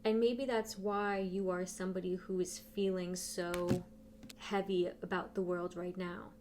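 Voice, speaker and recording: A woman's voice: on the low side, little pitch movement, a little slow, noisy background. A woman giving a casual tarot reading who talks straight to her viewers and thinks aloud as she turns the cards. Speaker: tarot reader.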